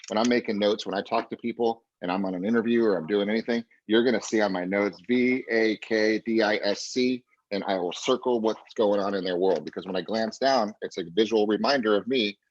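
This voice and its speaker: A man's voice: fairly low pitch, brisk, hardly any pauses. A man coaching real estate agents over a video call, driving his points home with lots of "right?" and "pay attention". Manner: energetic coaching, repeats "right?" and "pay attention", acts out client quotes. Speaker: real estate sales trainer. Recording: muffled dry lo-fi audio.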